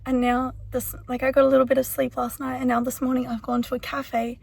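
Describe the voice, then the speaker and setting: A sick young woman with an Australian accent, chatting casually to camera in a rambling vlog full of fillers, sounding hoarse and worn out. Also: sits high, monotone, a little fast, a little mellow. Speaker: vlogger.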